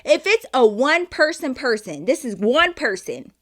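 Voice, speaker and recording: A young woman with a fairly high voice tells a story straight to her viewers. She talks in a loose, animated way, swears a lot and keeps calling them y'all. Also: measured pace. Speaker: vlogger telling a story. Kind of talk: casual storytime.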